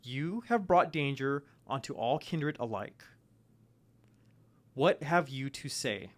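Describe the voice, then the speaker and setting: A man voicing a stately female vampire prince who speaks in a low, formal, measured way. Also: animated. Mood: stern.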